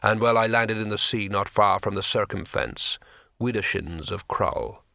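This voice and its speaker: A man reading an audiobook puts on a huge, gentle troll who speaks slowly and sorrowfully, weighing each word. The voice sits low and dry, with a bright, forceful edge. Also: vocal fry, no echo. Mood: reflective. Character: huge gentle melancholy male troll sailor. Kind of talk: audiobook character voice.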